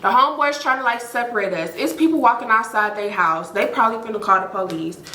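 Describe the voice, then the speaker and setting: A woman hosting a storytime, telling a story in an animated, profane way and acting out what people said. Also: fairly high pitch, quick pace, echoey room, slight background noise. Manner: animated, profane, acts out quoted lines. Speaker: storytime host. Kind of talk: casual storytelling.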